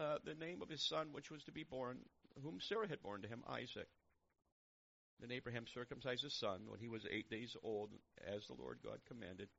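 Gravelly fervent male preacher. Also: medium pitch, moderate pace, highs cut off. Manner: swings from hushed and intimate to loud, fervent preaching. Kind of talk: sermon.

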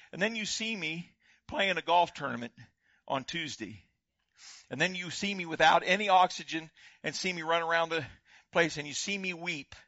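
An older man preaching a sermon as pastor, swinging from loud exclamations to hushed prayer. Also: fairly high pitch, no room sound, lo-fi sound.

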